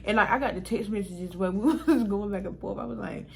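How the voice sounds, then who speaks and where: A woman's voice: medium pitch, fairly quick, creaky, a little mellow, poor audio. A woman vlogger telling a personal story in casual storytime style, frank and exasperated, swearing freely and laughing between lines.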